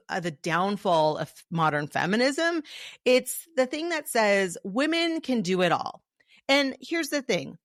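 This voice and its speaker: A woman hosting her own podcast, talking straight to the listener and calling them "love", with animated storytelling. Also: medium pitch, no echo, studio quality. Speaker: podcast host. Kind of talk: solo podcast monologue.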